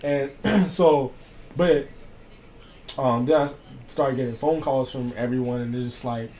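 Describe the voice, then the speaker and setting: A man's voice: mid-range voice, unhurried, darkish tone. Rambling young man in casual chat. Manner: rambling, lots of fillers and "I was like".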